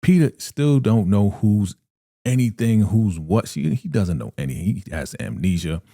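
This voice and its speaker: A man's voice: fairly low pitch, expressive, normal speed, mellow, dry recording, clean studio sound. A man doing a casual, slangy recap of a TV episode, retelling it with animation and briefly acting out the characters' lines. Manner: slangy and conversational.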